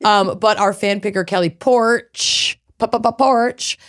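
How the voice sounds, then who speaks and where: A young adult woman co-hosting a podcast in casual chat, playful and animated, drawing out words for emphasis. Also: mid-range voice, slow, smooth. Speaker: podcast co-host.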